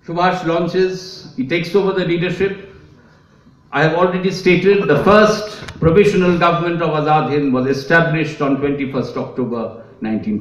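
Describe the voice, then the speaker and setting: A man giving a public lecture with slides, telling a story with apologetic, emotional asides. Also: a little high. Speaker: speaker giving a public talk. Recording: echoey hall, distant mic, dull sound.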